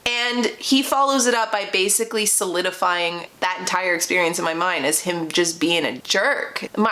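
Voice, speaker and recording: A young adult woman telling a personal dating story to her viewers. Her talk is casual and animated, full of fillers and quick self-corrections. She sounds like she is chatting with a friend. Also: medium pitch. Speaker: vlogger.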